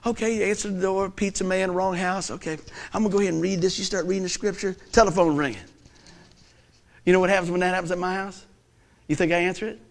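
Man, middle-aged, pastor, sermon, high-pitched, animated, humorous storytelling. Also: fast talker. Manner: animated, joking storyteller who acts out voices.

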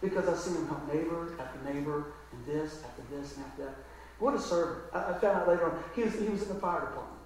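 High-voiced preacher in an echoey church. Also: male voice, fast, slight background noise. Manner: storytelling, emphatic, calls out "Amen?". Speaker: pastor. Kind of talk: sermon. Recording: very echoey room, mic at a distance.

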